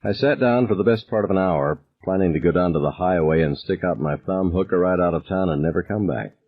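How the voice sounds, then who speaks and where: A man reads a novel aloud in the first person, his delivery turning intense as tension rises. His voice sits very low and sounds husky and breathy. The recording has a slightly dull, lo-fi quality. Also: a little fast. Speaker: audiobook narrator. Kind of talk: first-person audiobook narration.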